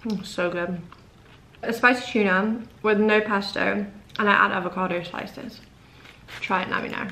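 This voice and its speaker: A young woman talks straight to the camera in a casual vlog, her pitch sitting in an ordinary middle range. She chats at home and gushes freely, with "like" scattered through nearly every sentence. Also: steady tone, normal speed, sharp tone, slight background noise. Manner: chatty, says "like" often, gushing. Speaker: fashion vlogger. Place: at home indoors.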